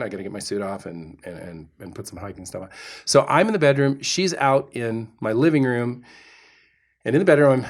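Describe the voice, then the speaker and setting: A middle-aged man co-hosting a podcast, telling a story with animated, dramatic delivery. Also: medium pitch. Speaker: podcast co-host. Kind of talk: storytelling chat.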